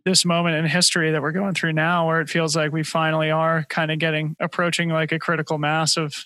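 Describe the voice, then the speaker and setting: A man's voice: fairly high pitch, level tone, a little fast, pushed and bright, dry recording. A man hosting a podcast, conversational and attentive, asking open questions. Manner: attentive, gives short affirmations and asks open questions. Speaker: podcast host. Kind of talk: conversational interview.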